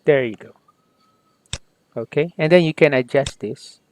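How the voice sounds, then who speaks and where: A man teaching a software tutorial step by step, often saying "okay" and "there you go" as he works. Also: on the high side, a little slow. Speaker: software instructor. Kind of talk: screen-recorded software tutorial.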